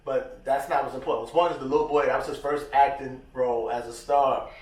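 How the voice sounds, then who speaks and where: A man with a medium-pitched voice co-hosts a podcast, talking fast in a casual, slangy way. He's an animated storyteller who acts out the quotes in his stories. The recording sounds echoey, with a distant mic.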